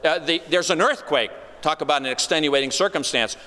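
A man's voice: a little high, a little fast, few pauses, pushed and bright. A man preaching an expository sermon in a conversational way, with wry asides. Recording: long reverb of a large hall.

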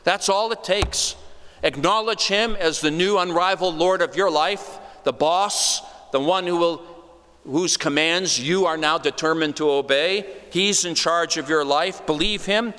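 A man's voice: a little high, a little slow, pushed and bright, clean tone. A man preaching an expository sermon in a conversational way, with wry asides. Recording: long reverb of a large hall.

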